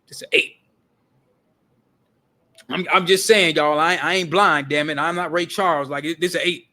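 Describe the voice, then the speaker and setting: A man vlogging in animated, casual storytelling style, emphatic and slangy, often repeating himself and swearing. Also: fairly high pitch, a little fast. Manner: emphatic, profane, repetitive, slangy.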